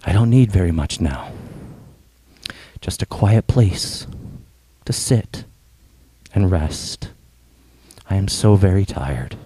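A man's voice: mid-range voice, very animated, unhurried, darkish tone. A man voicing a restless, wanting boy who grows into a weary old man during a storybook reading, wistful and complaining.

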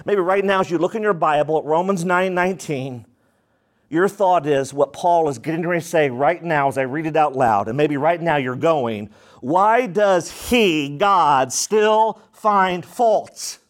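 A man's voice: a little high, moderate pace. A man pastor preaching a sermon, acting out prayers with dramatic rises and drops in his voice.

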